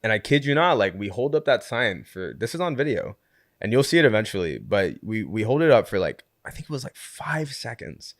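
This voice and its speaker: A man with a fairly low voice tells a story on a podcast, casual and lively, with constant "like"s and little acted-out quotes. The recording is close and dry, with no room sound around him. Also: brisk, no echo. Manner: animated storyteller, heavy use of "like", acts out quotes. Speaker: podcast guest, community co-founder.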